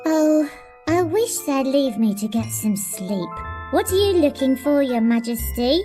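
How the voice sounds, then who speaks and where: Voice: high-pitched, very animated, a little slow, over music. A performer voicing a sleepy, chatty palace helper in a cartoon. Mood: grumbling. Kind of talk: cartoon voice acting.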